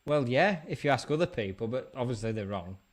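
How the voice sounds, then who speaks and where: A man's voice: mid-range voice, expressive, fairly quick. A man with a West Yorkshire accent, hosting a casual online pub chat, bantering and laughing often. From England. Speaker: host.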